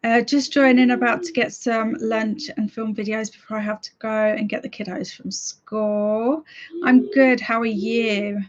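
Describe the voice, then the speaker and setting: A woman's voice: on the high side, steady tone, a little slow, highs cut off, a little hiss or hum. A woman hosting a reading livestream, chatting casually and giggling as she reads out viewer comments. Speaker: streamer hosting reading sprints.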